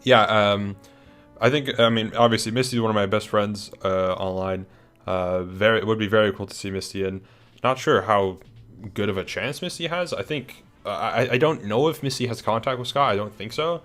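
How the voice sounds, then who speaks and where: A young video creator talks casually through his ranked list of players, chatty and hesitant, full of fillers and restarts. His voice is on the low side and a bit bright, at normal speed, with faint music behind him.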